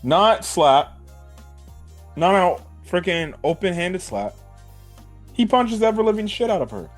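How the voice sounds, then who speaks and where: A man giving a casual, animated recap of an anime episode, swearing and saying "like" a lot. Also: sits high, a little slow, faint music behind. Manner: animated, swears, many "like"s and "right?". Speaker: anime reviewer.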